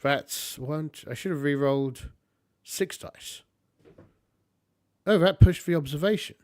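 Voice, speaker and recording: A man playing a tabletop game solo and thinking aloud, halting and muttering as he counts points. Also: on the high side, a little mellow, dry recording, studio quality. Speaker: solo tabletop player and narrator.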